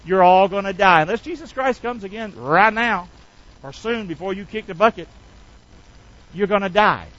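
A high-pitched man preaching to his church, calling out for the congregation to answer him back. He slides between folksy, slangy asides and solemn scripture. The sound is a little dull and lo-fi. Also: moderate pace, a bit bright. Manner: call-and-response preaching, asks the church to repeat lines. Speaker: pastor. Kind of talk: sermon.

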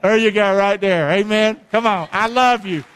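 A man preaching a sermon with call-and-response, animated, swinging from shouting to low, quiet talk. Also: normal speed, a little hiss or hum. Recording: long hall reverb.

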